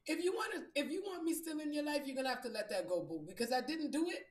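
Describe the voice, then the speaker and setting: Blunt, high-voiced woman in an echoey room. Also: animated, quick pace. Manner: blunt, profane, emphatic. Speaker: podcast host. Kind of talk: candid storytelling monologue.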